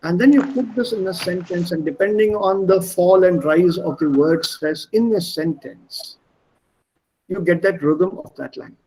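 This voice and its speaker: His voice sits high and mellow, moving at a moderate pace: a middle-aged man with an Indian accent teaching a language class online over a video call. He explains at length, repeats himself, and spells words aloud, and the recording is low quality.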